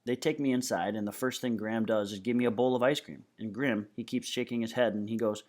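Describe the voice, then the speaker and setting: A man's voice: medium pitch, fairly even intonation, quick pace, darkish tone. A man reading a novel aloud in a casual, first-person storytelling way. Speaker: reader.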